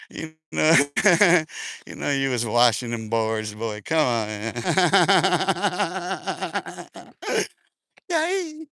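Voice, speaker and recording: A middle-aged man hosting a casual livestream, talking loudly with laughter and profane street slang while walking outdoors in a park, speaking into a phone. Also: a little high, dry recording, studio quality. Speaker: livestream host. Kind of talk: casual livestream chat reading comments.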